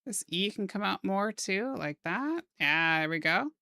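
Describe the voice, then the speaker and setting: A woman's voice: medium pitch, animated, measured pace, sharp tone, clean tone, dry recording, clean studio sound. A playful young woman chatting casually and joking while she draws on stream. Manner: playful, goofy wordplay and silly put-on phrases. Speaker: streamer drawing live. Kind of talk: casual chat while drawing.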